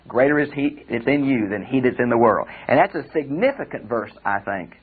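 A man's voice: mid-range voice, lively intonation, fairly quick, breathy edge. An older man, a pastor giving a conversational Bible commentary lecture and calling his listeners friends. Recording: tinny phone-like audio recording.

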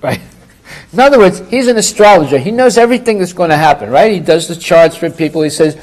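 A man's voice: sits high, lively intonation, normal speed, low-quality recording. A middle-aged man giving a religious class, telling humorous anecdotes and acting out dialogue before rising to emphatic points. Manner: storytelling, acts out dialogue, rising to emphatic outbursts.

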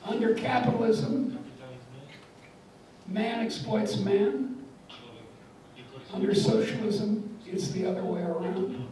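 A woman's voice: mid-range voice, fairly even intonation, takes it slowly, pauses often, mellow. An older woman giving a public lecture, wry and emphatic, telling stories and jokes. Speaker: guest lecturer. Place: lecture hall. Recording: echoey lecture hall from far off.

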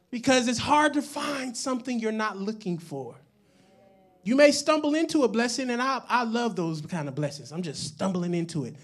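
Man preaching in church, high voice, gets loud then drops real quiet, jokes around with the crowd. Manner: call-and-response preaching, swinging from loud declarations to hushed asides; chatty, joking storyteller with laughing asides. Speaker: pastor. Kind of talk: sermon. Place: church service with live congregation.

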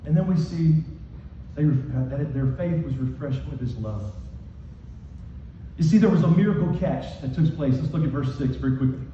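A male pastor preaching a sermon with emphatic repetition, moving from raised, shouted lines to soft ones. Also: fairly high pitch, lively intonation, normal speed, a little hiss or hum. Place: church hall. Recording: echoey hall from far off, dull.

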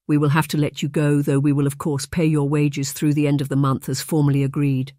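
A man's voice: a little high, completely flat delivery, brisk, warm tone, no room sound, clean studio sound, close to an everyday voice. A man voicing a kindly, cheerful middle-aged noblewoman who is letting her governess go, speaking graciously in an audiobook.

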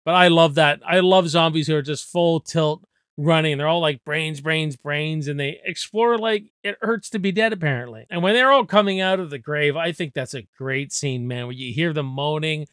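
A man in his forties chats enthusiastically about movies, swearing freely in a relaxed, casual way. His voice is smooth and clear, sits a little high for a man, and is recorded close and dry. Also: normal speed, dry recording. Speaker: movie review host.

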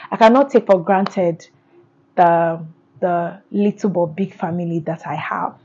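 A woman's voice: medium pitch, darkish tone. A woman lifestyle vlogger talks casually to her audience in a bubbly, effusive way. Her voice sits mid-range. The recording is a little dull and lo-fi. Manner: bubbly and effusive, laughing often. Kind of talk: casual talk to camera.

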